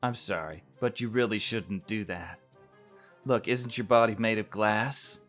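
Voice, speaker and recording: Man reading as a frank, gentle glass princess. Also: on the low side, unhurried, soft background music. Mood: puzzled. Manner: calm, frank and kind. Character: gentle but bold young glass princess.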